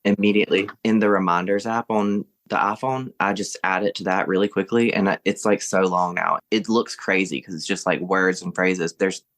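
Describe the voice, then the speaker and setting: Cheerful Mississippi man, low voice. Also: fairly even intonation, moderate pace, few pauses, a bit bright. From Southern United States. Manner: cheerful, laughs often, reflective. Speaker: guest. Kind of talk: casual interview chat.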